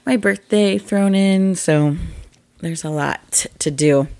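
A woman co-hosting a podcast in casual chat, with a husky morning voice, chatty and laughing often. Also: mid-range voice, slow pace, a little mellow. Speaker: podcast co-host.

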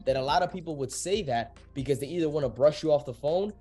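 A man's voice: a little high, fast, mellow, slightly rough, soft background music. A young man, a real estate agent, talking casually and acting out both sides of sales calls, swearing freely. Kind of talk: casual podcast talk, explaining sales calls.

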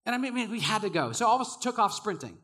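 A young man preaching a sermon, telling stories with energy, laughing often and shouting when he gets excited. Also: sits high, fast talker.

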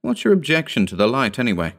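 A man voicing a blunt, wary fisherman on a schooner who talks in gruff sailor's speech. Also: mid-range voice, huge pitch swings, quick pace, a bit bright, pitched above the performer's own voice, exaggerated voice.

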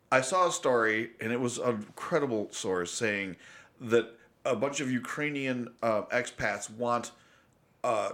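A man hosting a casual podcast, blunt and profane. He talks in an animated way and gets worked up as he makes his point. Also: medium pitch. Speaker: podcast host.

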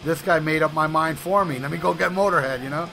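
Male podcast co-host, bright tone, rambling casual storyteller. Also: on the high side, fast, creaky, faint music behind. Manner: rambling anecdotes with restarts and profanity.

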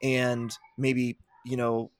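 A man's voice: medium pitch, drawn-out words, clean tone, no room sound, clean studio sound. A man hosting a podcast, talking casually and energetically, often restarting his sentences. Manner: energetic and chatty, with frequent restarts. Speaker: podcast host.

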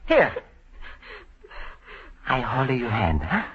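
An actor playing a warm, excitable Italian immigrant man with an Italian accent and broken English, in a 1950s radio sitcom. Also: medium pitch, extremely slow, breathy edge, highs cut off, exaggerated voice. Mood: comforting. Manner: broken English, effusive and fussing. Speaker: lead character. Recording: hissy old radio broadcast.

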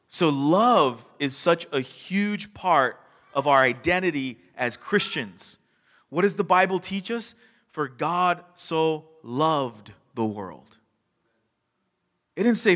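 A male pastor delivers a sermon in a chatty, lively way, breaking into laughter as he tells stories. His voice sits somewhat high for a man. The sound rings with the long reverb of a church hall. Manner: conversational, animated storytelling with laughs. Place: church sanctuary.

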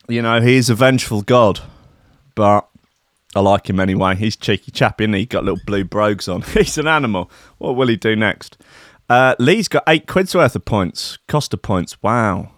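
A man's voice: on the low side, lively intonation, normal speed, no room sound, studio quality. A young man hosting a comedy podcast, rambling and swearing as he riffs on news stories. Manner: profane, riffing, slips into mock voices. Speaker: podcast host.

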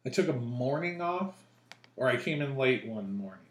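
A man co-hosting a casual podcast, telling stories and breaking into loud excited bursts. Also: mid-range voice, normal speed, reverberant. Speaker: podcast co-host.

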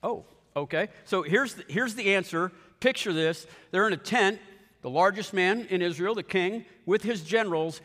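Animated pastor preaching in a big hall. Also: male voice, moderate pace. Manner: storytelling, acting out characters' lines with shifting pitch and pace. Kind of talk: sermon. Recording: long reverb of a large hall.

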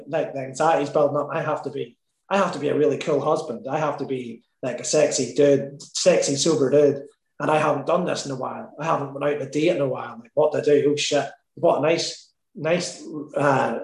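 Give me a man with an Irish accent, a guest in a casual interview who tells a candid story full of laughter and swearing. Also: medium pitch. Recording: roomy echo.

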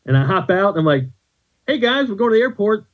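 A man's voice: sits high, sing-song, fast, rough recording. A man, a comedian on a podcast, telling rambling stories in a casual chat with restarts. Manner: rambling anecdotes with restarts and laughs.

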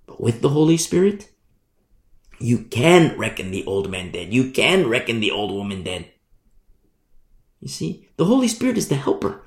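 An animated preacher giving a sermon in a roomy, echoing space. The voice swings up and down in pitch as it presses each point, returning again and again to rhetorical questions for the listeners. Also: moderate pace, pauses often. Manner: animated, asks rhetorical "You see?" often. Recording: echoey room.

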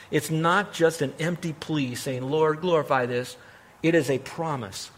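A middle-aged man preaching a sermon with earnest emphasis, rising to emphatic peaks and dropping to quiet asides. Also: fairly high pitch, slightly rough. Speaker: pastor.

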